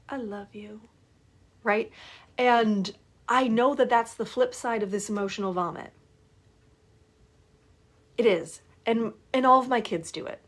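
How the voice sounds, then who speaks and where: A woman in her forties talking casually to her viewers as a life coach. She is chatty and keeps asking for agreement as she goes. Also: mid-range voice. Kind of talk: casual live talk to viewers.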